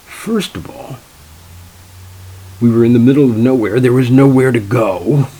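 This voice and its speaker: A man's voice: mid-range voice, unhurried, warm tone, husky, low-quality recording. A man, a tournament organizer, telling anecdotes in a wry, dry, exasperated way. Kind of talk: anecdotal storytelling.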